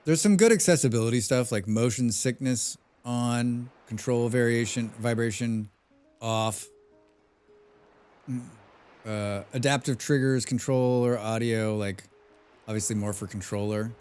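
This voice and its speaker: A male game streamer talking casually as he plays. He rambles from point to point, jokes, and pokes fun at himself. His pitch sits in an ordinary middle range. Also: unhurried, a little mellow, clear, resonant tone, faint music behind. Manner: rambling, joking, self-deprecating. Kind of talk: casual gaming livestream commentary.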